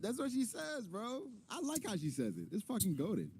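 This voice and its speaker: A man's voice: high voice, huge pitch swings, moderate pace, a little mellow, a little hiss or hum. A man co-hosting a casual podcast chat, laid-back and slangy.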